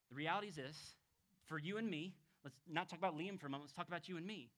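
A male pastor preaching a sermon in an emphatic way, dropping to hushed tones and rising to loud exclamations. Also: a little high, fast.

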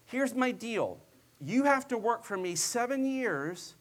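A male preacher voicing a greedy, manipulative older uncle in a retold story as he strikes a bargain in a brisk tone. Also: very high-pitched, sing-song, voice pushed up, full character voice.

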